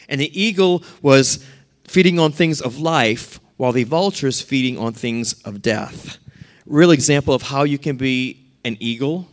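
A pastor preaching a sermon, telling stories in a lively way and acting out what other people said. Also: male voice, medium pitch, moderate pace. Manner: storytelling with lively asides and acted-out quotes.

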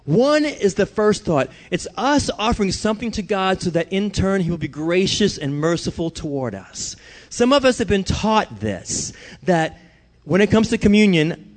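Very animated and speaking at a moderate pace, this high-voiced, middle-aged pastor delivers his sermon casually, then rises into forceful declarations to hammer his points home.

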